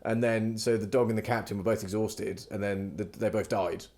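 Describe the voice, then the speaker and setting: A man with a fairly low voice hosts a casual podcast. He rambles through a long story, swears freely and slips into quoted lines as he goes. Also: fairly even intonation, normal speed, a little mellow. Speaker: podcast host. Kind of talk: casual chat.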